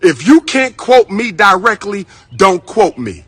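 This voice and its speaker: Male commentator, bright, sharp voice, blunt repetitive rant to camera. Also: sits high, big pitch swings, a little slow, slightly rough, no room sound. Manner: blunt, emphatic, repeats himself, addresses listeners as brothers and sisters.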